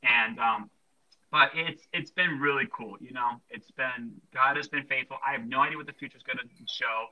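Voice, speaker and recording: A man's voice: medium pitch, moderate pace, pushed and bright, poor audio. A young man hosting a casual Christian podcast, talking earnestly and rambling with lots of fillers and restarts. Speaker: podcast host.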